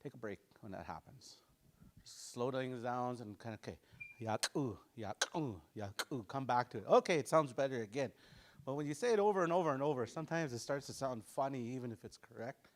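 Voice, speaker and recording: A man teaching a language class in a relaxed, casual way, saying words slowly and repeating them for learners. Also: mid-range voice.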